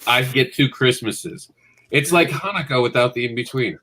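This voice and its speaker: A man hosting a casual chat, joking and excitable, quick to mock himself. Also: mid-range voice. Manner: joking, excitable, self-mocking. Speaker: host.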